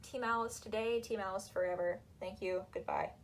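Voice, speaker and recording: A woman talking in a casual, animated and sarcastic way, with lots of "like"s, while she folds laundry. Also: mid-range voice, normal speed. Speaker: book reviewer. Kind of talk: casual chat.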